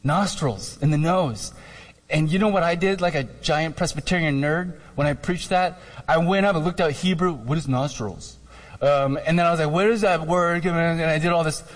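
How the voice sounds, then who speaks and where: A man's voice: on the high side, normal speed. A man giving a casual, emphatic sermon as a pastor, talking conversationally with lots of fillers. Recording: reverberant hall.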